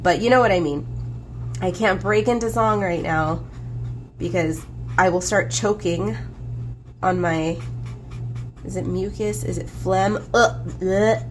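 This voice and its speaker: A woman's voice: medium pitch, takes it slowly, pauses often, slight background noise. A congested woman hosting a coloring video, chatting casually in a playful, rambling way with plenty of swearing. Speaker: coloring book artist and host. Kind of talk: casual chat while coloring.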